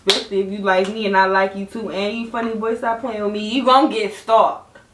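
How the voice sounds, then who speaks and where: A young woman hosts a casual podcast storytime, animated and often laughing, her pitch leaping around. She sits at some distance from the mic in an echoey room. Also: brisk. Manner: animated, laughing, swings high and low in pitch. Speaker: podcast host.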